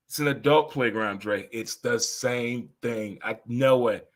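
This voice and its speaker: A man in his fifties hosting a casual sports talk monologue, rambling and exclamatory with sudden high-pitched outbursts. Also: takes it slowly. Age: 50s.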